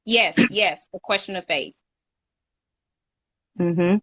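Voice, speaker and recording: A woman's voice: fairly low pitch, slow, pushed and bright, no echo. A young woman co-hosting a casual live chat, talkative and laughing, reading out viewer comments. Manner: chatty, laughs often, reads out viewer comments. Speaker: co-host.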